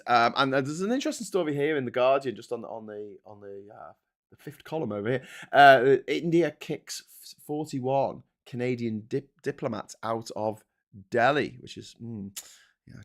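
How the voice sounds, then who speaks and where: Male host, mid-pitched, sarcastic and exasperated, casual headline commentary. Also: normal speed, a bit bright. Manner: sarcastic and exasperated, breaking into laughter. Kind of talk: casual commentary on newspaper front pages.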